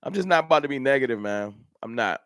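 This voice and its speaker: A man's voice: mid-range voice, lively intonation, fast, a bit bright, no echo, clean studio sound. A man hosting a casual fan livestream, talking straight to his chat viewers. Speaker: livestream host. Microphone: camera mic.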